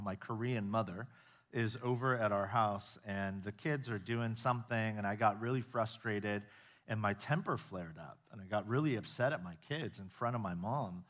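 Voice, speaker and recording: Earnest middle-aged man preaching a sermon. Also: on the low side. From United States. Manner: earnest preacher, rising to emphatic peaks, dropping to soft confiding storytelling. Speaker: pastor. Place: church auditorium with a live audience.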